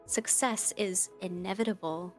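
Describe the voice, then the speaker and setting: A woman reading aloud the lines of a creepy, chirpy female research AI in a game, slow and deadpan. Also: medium pitch, soft background music, natural voice.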